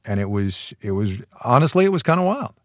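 A man co-hosting a podcast, talking in an animated, joking way with lots of quick asides. His pitch swings widely as he chats. The studio recording is dry and close, with no room sound. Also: no room sound. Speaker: podcast co-host. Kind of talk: casual chat. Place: radio studio.

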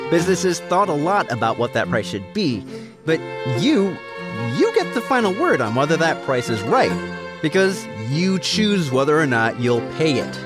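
Male kids' podcast host, animated and playful, music bed behind. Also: a little high. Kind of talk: upbeat kids' podcast hosting.

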